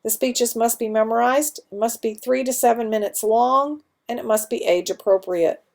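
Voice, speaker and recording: A woman teacher giving students an instructional talk on contest rules, laying out each judging criterion clearly and step by step. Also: on the high side, normal speed, a little mellow. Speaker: school teacher explaining a speech contest. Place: school media center.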